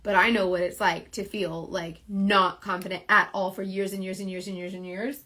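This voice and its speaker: A woman's voice: mid-range voice, level tone, moderate pace, bright, forceful tone. Chatty woman selling makeup live. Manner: rambling, filler-heavy, earnest. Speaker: makeup seller. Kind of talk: casual live stream chat.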